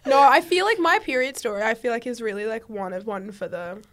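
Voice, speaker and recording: A high-pitched young woman chats as a podcast guest. She tells her story in a lively, animated way and acts out the quoted dialogue with sudden loud bursts. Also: a little fast. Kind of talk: casual chat, storytelling.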